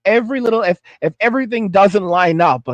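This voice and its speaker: A man with a high-pitched voice hosting his own commentary vlog, ranting bluntly and heatedly with many restarts. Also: brisk, dry recording, muffled recording. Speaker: host of a commentary channel.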